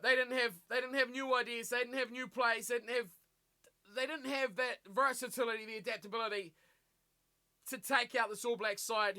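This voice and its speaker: A man commentating live on a rugby match for his stream, animated and full of rhetorical questions, reading viewer chat aloud and answering it. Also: very high voice.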